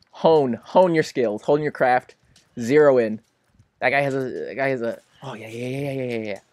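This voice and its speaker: A young man giving casual, excitable let's-play commentary, melodramatic and quick to plead or laugh. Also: mid-range voice. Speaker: gaming commentator.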